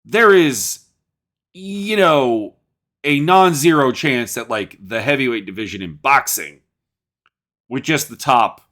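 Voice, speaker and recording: A man's voice: mid-range voice, fairly bright tone. A man hosting a podcast, giving opinionated casual commentary in a rambling way, with frequent fillers and restarts. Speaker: podcast host.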